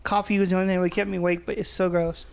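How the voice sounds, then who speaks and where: A man's voice: high voice, flat delivery, very fast, gravelly, clean tone. A man co-hosting a podcast in casual chat, rambling and swearing freely. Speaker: podcast co-host.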